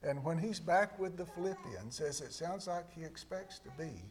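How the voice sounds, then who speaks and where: A man preaching a sermon as pastor, slow and emphatic, repeating key words and sometimes dropping to a hush. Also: on the high side, lively intonation, a little hiss or hum.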